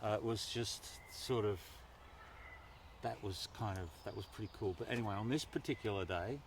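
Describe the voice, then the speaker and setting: A man telling a story live outdoors in a forest to an audience, animated and swearing freely. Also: lowish voice, moderate pace, slight background noise.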